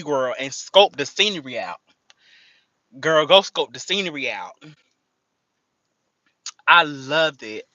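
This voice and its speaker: A woman's voice: low voice, a bit bright, no echo. A woman hosting a casual livestream, playful and slangy, laughing often as she chats to her viewers. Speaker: livestream host. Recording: dull lo-fi stream audio.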